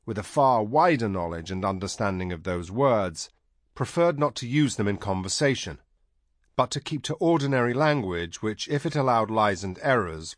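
A man narrates a fantasy novel in a calm, measured way. His voice sits on the low side and is recorded close and dry, with no room sound. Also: no room sound. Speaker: audiobook narrator. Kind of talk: scripted narration.

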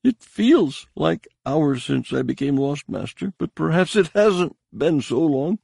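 A man voicing a whimpering male outcast servant who stammers and pleads in a high, husky put-on voice. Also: expressive, a little slow, a little mellow, no room sound, full character voice. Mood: fearful pleading.

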